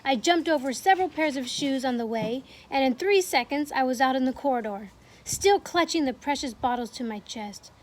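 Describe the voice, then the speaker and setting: A woman's voice: high-pitched, lively intonation, normal speed. A woman teacher reading a novel aloud to her class from home, in a plain, friendly way.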